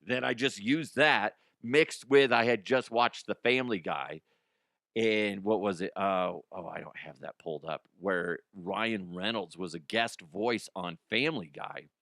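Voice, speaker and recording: A man's voice: lowish voice, a little slow, a bit bright, dry recording, studio quality. A man hosting a comedy podcast in casual, rambling chat, laughing often and swearing. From Colorado. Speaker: podcast host.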